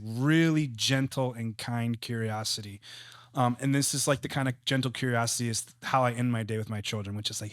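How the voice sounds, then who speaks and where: A man's voice: medium pitch, brisk, dry recording, clean studio sound. A man in his thirties, a guest on a podcast, talking in an earnest, reflective way and often dropping "man" and "like". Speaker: guest, real estate entrepreneur. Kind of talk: casual podcast conversation.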